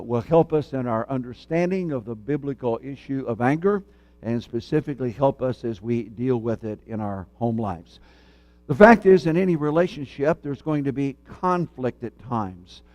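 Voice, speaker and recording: A man preaching a sermon in church, telling a folksy story and then speaking in a measured, earnest way. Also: medium pitch, darkish tone, no room sound, lo-fi sound. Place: church sanctuary.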